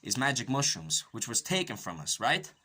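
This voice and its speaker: A man's voice: medium pitch, very animated, moderate pace, bright, forceful tone. An Irish man giving a rambling, profane, conspiratorial comedic monologue and punctuating it with constant "right?" asides. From Ireland. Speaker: podcast host.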